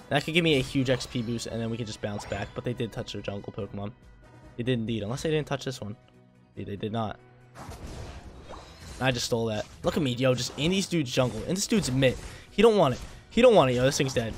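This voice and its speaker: A man giving live gameplay commentary, hyped and trash-talking, often repeating his phrases. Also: medium pitch.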